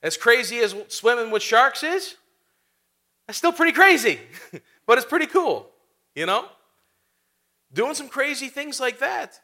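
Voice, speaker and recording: A man preaching with a high, bright voice that rings out clearly. He keeps things conversational, tossing in rhetorical questions and casual asides between points. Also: very animated, a little slow, long pauses. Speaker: pastor. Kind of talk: sermon.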